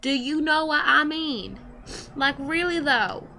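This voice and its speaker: A high-voiced teenage girl talks her way through a dilemma in a casual confessional vlog. Her tone is bright and light, and she rambles with constant "like"s and sentences she abandons and starts again. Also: animated, slow pace, a little hiss or hum. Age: teens. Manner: rambling, restless, full of "like" and self-corrections. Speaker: vlogger.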